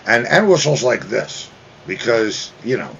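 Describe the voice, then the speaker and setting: A man telling a long story in casual chat, animated, mimicking other people with loud raised voices. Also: medium pitch, a little slow, creaky, highs cut off, slight background noise. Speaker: guest musician.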